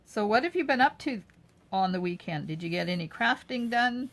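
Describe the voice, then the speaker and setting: A woman's voice: medium pitch, animated, moderate pace, a bit bright. An older woman hosting a live craft demo. She narrates each step as she works and chats back to viewer comments. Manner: chatty, answers viewer comments while working. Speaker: craft video host. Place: home craft room.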